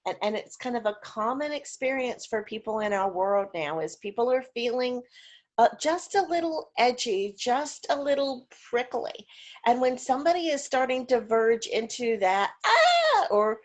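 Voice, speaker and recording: Over a video call, a woman gives an informal conference talk on caregiving, chatting with frequent fillers and demonstrating voice examples as she goes. Her voice is on the high side with a darkish tone, animated and at a moderate pace.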